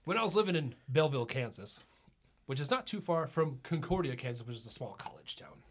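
A man's voice: mid-range voice, big pitch swings, fast talker. A middle-aged man, a podcast guest, telling casual anecdotes, swearing freely and laughing often. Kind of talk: casual chat, storytelling.

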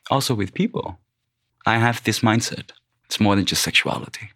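A man's voice: on the low side, lively intonation, moderate pace, fairly bright tone, husky, dry recording, clean studio sound. A man in his thirties who grew up in the Netherlands, a podcast guest speaking bluntly and frankly in casual chat, swearing freely. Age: 30s.

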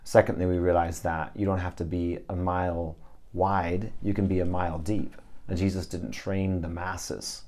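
A man's voice: sits low, level tone, normal speed, a little mellow. A man who leads a ministry, answering interview questions with earnest stories and scripture in a preaching tone. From Texas. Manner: earnest, storytelling with scripture quotes. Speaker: ministry leader, guest.

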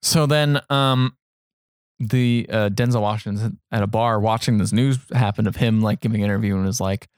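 A man's voice: lowish voice, steady tone, normal speed, clear, resonant tone, dry recording, clean studio sound. A young man co-hosting a podcast, rambling casually through a movie plot and acting out the characters' lines. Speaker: podcast co-host. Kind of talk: casual movie recap chat.

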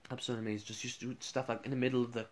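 A man's voice: medium pitch, level tone, very fast, slight background noise. A man, a radio presenter, casually rambling through funny school anecdotes with restarts and chuckles.

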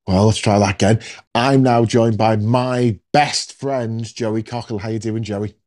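A man's voice: on the low side, steady tone, a little slow, a little mellow. A man hosting a podcast, chatting casually and jokily with plenty of ums. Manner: chatty, jokey, lots of ums. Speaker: podcast host. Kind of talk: casual chat.

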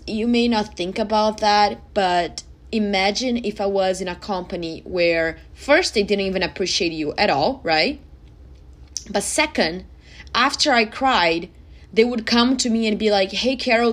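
A woman, hosting a personal podcast and speaking earnestly and emotionally to her listeners. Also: mid-range voice. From Brazil. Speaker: podcast host.

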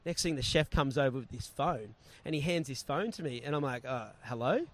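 Animated man telling a travel story. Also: fairly high pitch, fairly quick. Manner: animated, acts out quoted voices. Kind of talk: casual storytelling chat.

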